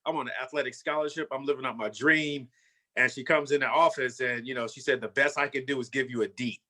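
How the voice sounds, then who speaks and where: A man's voice: medium pitch, fairly even intonation, fast, bright, forceful tone. A man in his fifties, a former football player, telling his story in a casual way and often saying "you know" and "man".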